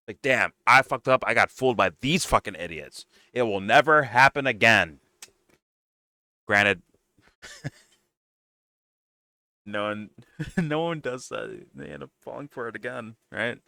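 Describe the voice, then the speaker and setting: Fields: Sex: man. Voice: bright, dry. Style: profane, ranting reaction commentary. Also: medium pitch, unhurried, creaky, pauses often, no room sound. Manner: animated, loud, swearing, mocking, rants. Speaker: reaction stream host.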